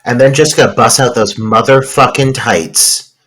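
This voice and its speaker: A man's voice: medium pitch, normal speed, fairly bright tone, poor audio. A man co-hosting a podcast, reacting to a horror film in an emphatic, casual way and swearing often. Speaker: podcast co-host. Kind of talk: casual film review chat.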